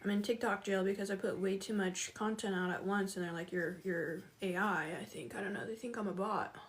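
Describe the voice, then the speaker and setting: A woman's voice: medium pitch, fairly even intonation, a little fast. Chatty woman streamer, laughs often. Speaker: livestreamer. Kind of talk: casual chat with viewers.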